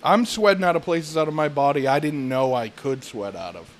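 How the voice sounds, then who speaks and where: A man vents on a casual podcast, swearing through nearly every sentence. His voice sits a little high for a man. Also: a little fast. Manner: profane ranting, frequent swearing. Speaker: podcast co-host.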